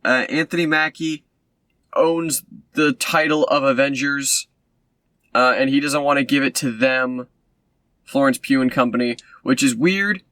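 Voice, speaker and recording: A man's voice: mid-range voice, a little slow, a bit bright, no echo. Sarcastic rambling man, very dry sound. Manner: sarcastic, rambling, with many fillers. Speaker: movie reviewer. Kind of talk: casual rambling recap.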